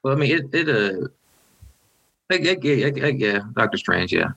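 A man's voice: medium pitch, sing-song, normal speed, vocal fry, pushed and bright, slight background noise, rough recording. A man appearing as a guest on a casual podcast, speaking hesitantly with many stammered restarts.

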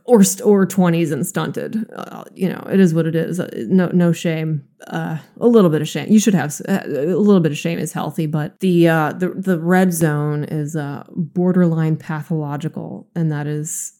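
Woman podcast cohost, slight lisp, swears a lot, warm low-ish voice, lots of uh and like. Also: steady tone, moderate pace, hardly any pauses. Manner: blunt and profane, lots of filler words. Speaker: podcast co-host. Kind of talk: casual chat.

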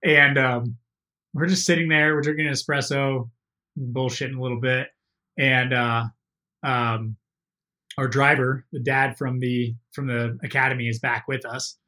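A man, a podcast guest, telling an animated story in casual conversation. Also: mid-range voice, measured pace. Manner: animated, laughing through a funny story.

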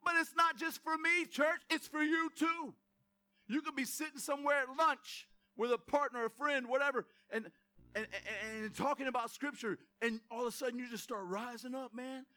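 A man preaching an energetic sermon in a church, speaking straight to the congregation with emphatic repetition. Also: very high-pitched, moderate pace. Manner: fired-up, addresses congregation directly, emphatic repetition. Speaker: pastor. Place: church sanctuary.

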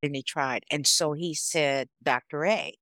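A woman in her sixties from Chicago, a guest on a podcast, telling stories in a casual, animated way. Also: low voice, unhurried, no room sound. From Chicago, USA. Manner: storytelling, animated, laughs often. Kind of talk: casual interview chat.

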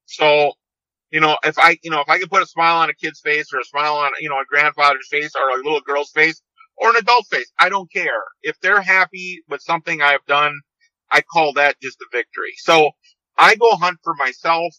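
Sharp-voiced man in his fifties on a dull phone line. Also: a little high, fairly quick, no echo. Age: 50s. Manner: rambling, repeats and restarts phrases. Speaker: podcast guest, seed company owner. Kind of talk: casual storytelling interview. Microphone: phone call. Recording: dull, dry phone-call audio.

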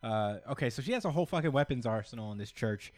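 A man's voice: mid-range voice, animated, fast, a little mellow, no echo. A man hosting a podcast, recapping a comic in a loose, laughing manner and swearing freely. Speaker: podcast host. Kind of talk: casual comic-book recap chat.

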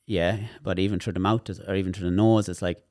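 Low-voiced Irish man explaining animatedly. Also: fast talker, no echo, clean studio sound. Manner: animated, demonstrative, repeats words while explaining. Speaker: therapist, guest. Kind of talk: casual interview chat.

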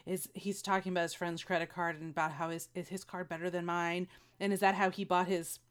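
A woman's voice: fairly low pitch, little pitch movement, brisk, clear, resonant tone. A woman co-hosting a podcast, chatting casually, rambling through stories and teasing her co-host. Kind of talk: casual chat.

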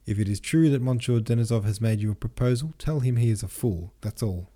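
A man reading an audiobook, voicing a sharp, sarcastic aristocratic mother. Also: mid-range voice, fairly quick, voice pushed up, close to an everyday voice.

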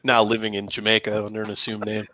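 A man's voice: on the low side, completely flat delivery, fast talker, crowd noise. A man co-hosting a casual chat show, telling long rambling anecdotes full of "like" and acting out the people in them. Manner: rambling storyteller, heavy on "like"; acts out other people's voices in anecdotes. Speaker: podcast co-host.

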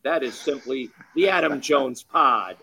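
A man's voice: mid-range voice, a little slow, sharp tone, slight background noise. A man co-hosting a podcast, chatting casually and reading show segments in an upbeat way. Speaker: podcast co-host.

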